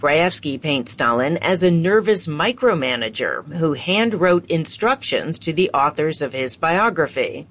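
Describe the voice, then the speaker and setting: A woman correspondent reading a scripted radio news report in a measured way. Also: low voice, animated, a bit bright.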